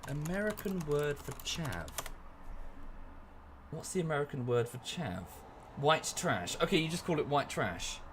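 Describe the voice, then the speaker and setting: A man's voice: on the high side, animated, a little slow, noisy background. A young English man chatting casually with his stream chat while playing a strategy game, often correcting himself mid-sentence. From England. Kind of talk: casual livestream chat over gameplay.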